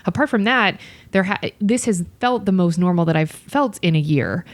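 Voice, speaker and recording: A woman hosting a podcast, chatting casually and telling animated stories full of swearing and quoted voices. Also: on the low side, normal speed, no echo. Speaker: podcast host. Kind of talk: casual chat.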